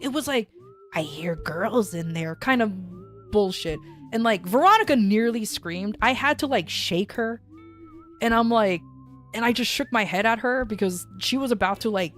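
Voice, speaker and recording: Rambling woman streamer telling a story. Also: mid-range voice. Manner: rambling, filler-heavy, animated retelling. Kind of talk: casual storytelling.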